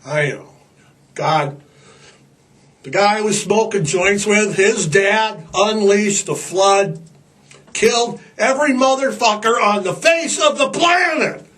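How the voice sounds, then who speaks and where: A man's voice: high-pitched, slow, a bit bright. A man hosting a podcast in a rambling, irreverent comic monologue, profane and stammering over fillers. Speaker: podcast host.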